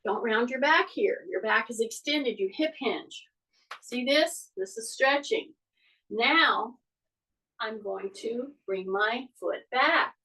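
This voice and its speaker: A woman's voice: on the high side, takes it slowly, sharp tone, recorded from a distance, low-quality recording. An older woman, a fitness instructor, talking through a floor exercise as she demonstrates it, encouraging and direct. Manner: encouraging, talks while demonstrating moves on the floor.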